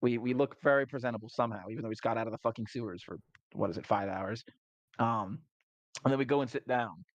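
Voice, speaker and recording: A man's voice: medium pitch, quick pace, no room sound. Male game master recapping a session, casual and profane, with a dull, dry sound. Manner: laughing, profane storytelling.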